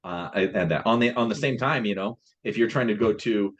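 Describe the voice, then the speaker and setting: Man explaining translation work, low voice. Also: fairly quick. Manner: explanatory, restarts phrases. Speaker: translation company guest. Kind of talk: casual business chat.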